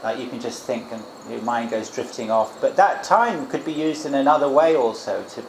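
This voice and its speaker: A man teaching as a Buddhist monk, giving an informal dharma talk and guided meditation in a gentle, musing way with frequent restarts. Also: medium pitch, animated, moderate pace, a little hiss or hum. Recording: echoey room with loud crickets. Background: crickets and insects.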